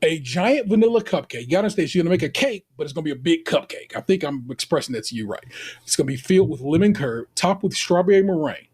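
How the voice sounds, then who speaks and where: A man's voice: fairly high pitch, fast talker, breathy edge. An American man co-hosting a podcast, recapping a baking show in a playful casual chat full of slang. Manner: animated, playful, Southern-leaning slang like y'all. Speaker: podcast co-host.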